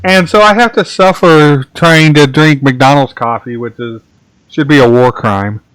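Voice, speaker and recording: Casting: male podcast host, mid pitch, meandering anecdotal chat, recorded close and dry. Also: unhurried, a bit bright, clear, resonant tone, no echo. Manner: rambling storyteller, many restarts and "like"s. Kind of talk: casual chat.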